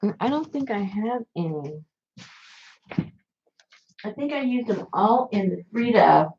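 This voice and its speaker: A woman's voice: medium pitch, animated, a little slow, a little mellow, slight background noise. A woman hosting a casual crafting chat for her viewers, rambling and chatty with lots of fillers and restarts. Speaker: crafting channel host. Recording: dull lo-fi sound.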